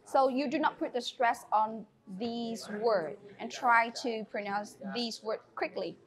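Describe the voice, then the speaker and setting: A woman teaching an English class, speaking in a clear, encouraging and instructive way. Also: a little high, measured pace.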